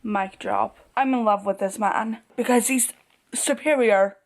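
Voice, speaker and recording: A woman book vlogger reacting casually to a novel as she reads, gushing and excitable, often laughing. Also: on the high side, a little slow. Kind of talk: casual reading reactions to camera.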